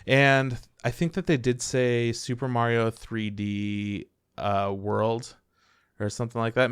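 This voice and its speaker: Casting: relaxed, profane male podcast co-host, smooth, close and dry. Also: medium pitch, no echo. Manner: laid-back, swears a lot, laughs often. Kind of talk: casual chat.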